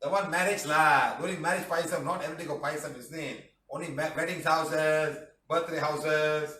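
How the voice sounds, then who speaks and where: A middle-aged healing teacher, his voice fairly high and sharp with fairly even intonation, runs a live class at a moderate pace. He jokes and teases while reading viewer comments aloud, tacking "huh?" and "lah" onto his phrases. The mic sits at a distance, leaving a roomy echo.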